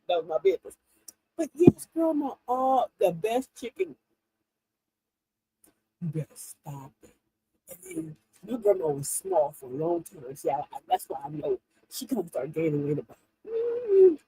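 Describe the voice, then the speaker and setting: A woman's voice: mid-range voice, normal speed, gravelly, husky, poor audio. A middle-aged woman, hosting a livestream in a casual, laughing, chatty way. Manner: animated, laughing, chatty storytelling. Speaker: livestream host. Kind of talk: casual chat. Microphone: livestream mic.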